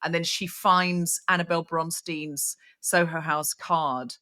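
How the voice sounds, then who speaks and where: Bright-voiced woman hosting a comic chat. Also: lowish voice, a little slow. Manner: lively storyteller, playful teasing. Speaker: podcast host.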